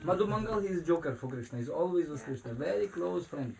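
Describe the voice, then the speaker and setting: Male spiritual teacher, animated storyteller, slightly higher voice, faint hiss. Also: quick pace, vocal fry. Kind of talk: devotional talk. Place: private house.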